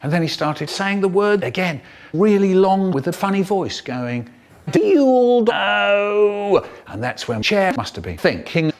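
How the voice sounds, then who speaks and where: A man narrating a comic first-person story in an animated, exaggerated way. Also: fairly high pitch, moderate pace.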